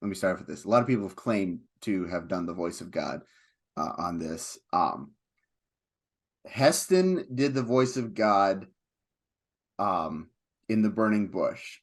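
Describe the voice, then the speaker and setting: Slow-talking, low-voiced male co-host. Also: expressive. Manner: unhurried, hesitant, many ums. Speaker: podcast co-host. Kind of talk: casual film-review chat.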